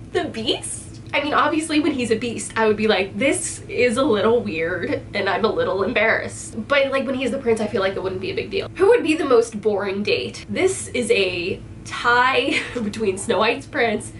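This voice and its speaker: Bubbly, giggly young woman vlogger. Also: slight background noise. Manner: bubbly, giggly, quick shifts in pitch. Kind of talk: casual chatty vlog answering a tag.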